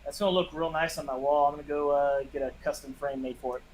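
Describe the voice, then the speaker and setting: A man's voice: a little high, fairly even intonation, quick pace, slight background noise, low-quality recording. A man chatting casually on a live show, blunt and joking in his advice. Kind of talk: casual chat.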